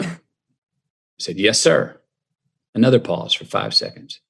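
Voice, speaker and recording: A man's voice: fairly low pitch, animated, normal speed, vocal fry, long pauses, husky. A middle-aged man, telling a personal story in a podcast interview with a drawling, reflective manner. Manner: drawling, reflective storyteller acting out quoted voices. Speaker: guest.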